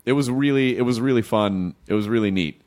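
A man hosting a podcast, telling a story in casual chat with lively quoted voices. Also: a little fast. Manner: animated storyteller, jumps pitch for quoted voices. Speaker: podcast host.

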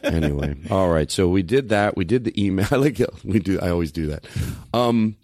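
A man, a comedian hosting a casual podcast, telling stories in an animated way and slipping into quoted voices. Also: low-pitched, brisk, no echo, studio quality.

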